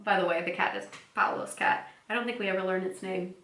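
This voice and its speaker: A woman's voice: medium pitch, fairly even intonation, fast, gravelly, fairly bright tone. A woman casually recapping episodes as a podcast co-host, chatty and giggly, often acting out quoted lines. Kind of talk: casual chat. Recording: echoey room.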